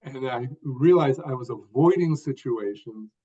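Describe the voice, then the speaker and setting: Older man speaking in deliberate phrases. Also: mid-range voice, animated, warm tone, breathy edge, lo-fi sound. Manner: speaks in short deliberate phrases with stressed words. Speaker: guest author. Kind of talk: podcast interview storytelling.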